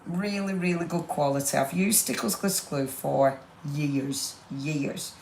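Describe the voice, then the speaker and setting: Brief: woman, craft demo host, low gravelly voice, gushing and chatty. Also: unhurried, darkish tone, slight background noise. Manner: chatty and gushing, rambling asides. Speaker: craft demonstrator. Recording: roomy echo.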